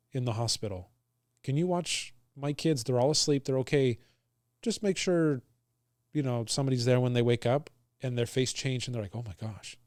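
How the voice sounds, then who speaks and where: A young man speaks in an everyday middle register, his voice close and dry with no room sound. He talks earnestly and haltingly in casual conversation, often stopping to restart a sentence. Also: mid-range voice, darkish tone, no room sound. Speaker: guest sharing his story.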